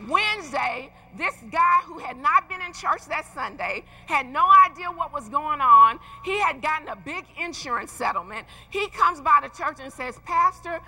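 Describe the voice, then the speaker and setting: A woman in her forties preaching a sermon as a lively, emphatic, folksy storyteller. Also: high-pitched, normal speed, few pauses, low-quality recording. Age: 40s. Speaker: preacher, pastor's wife.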